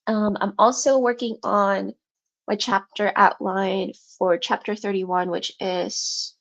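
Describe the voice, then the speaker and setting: A woman's voice: mid-range voice, little pitch movement, slow pace, gravelly, fairly bright tone, lo-fi sound. A congested, out-of-breath woman with a sore throat, hosting a writing livestream at home, chatting with viewers in a rambling way and laughing often. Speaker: livestream host for a writing session. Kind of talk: casual livestream chat with viewers.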